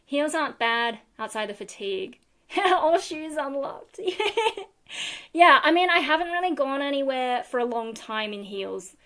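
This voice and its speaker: A woman's voice: sits high, lively intonation, a little slow, a bit bright. A woman from Australia with an Australian accent, chatting casually on a livestream with lots of fillers and giggles. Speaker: livestream host. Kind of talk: casual live chat answering viewers. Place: home room.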